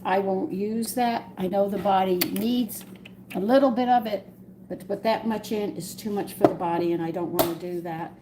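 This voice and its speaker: A woman with a Southern US accent talks her viewers through a recipe in a home kitchen. Her voice sits in a middle pitch, and she rambles in a chatty way. Clear noise runs behind her. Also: steady tone, moderate pace. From American South. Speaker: home cooking host. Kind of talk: live-stream cooking demonstration.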